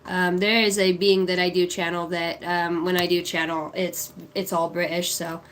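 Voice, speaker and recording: A woman's voice: fairly low pitch, little pitch movement, moderate pace, fairly bright tone, a little hiss or hum. A woman in her thirties, a psychic card reader on a livestream, chatting casually and affectionately as she reads out viewers' names. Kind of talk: casual livestream chat reading comments.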